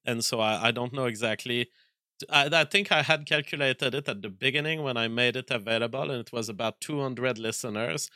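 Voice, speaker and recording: A man with a noticeable French accent talks on a live stream in a crisp, forceful voice. He pauses and restarts often as he reads viewer messages and thinks aloud, and the sound is dry and close. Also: medium pitch, no echo. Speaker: livestream host reading viewer messages. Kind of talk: casual live-stream chat.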